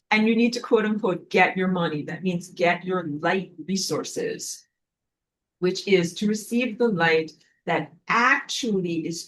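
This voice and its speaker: A woman's voice: on the low side, fairly bright tone. A woman giving a casual, dramatic spiritual lesson, stopping now and then to find her place. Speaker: spiritual teacher.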